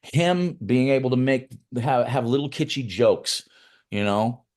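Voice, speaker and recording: A man's voice: mid-range voice, expressive, a little slow, darkish tone. A middle-aged man, a film writer-director, telling loose, profane anecdotes in a casual interview, with frequent restarts.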